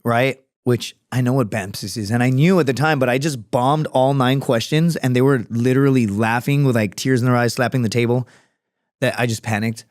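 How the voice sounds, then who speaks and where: A man's voice: mid-range voice, fairly quick, no echo. Male veteran podcast guest, profane rambling storyteller, dry close studio sound. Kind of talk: casual storytelling chat.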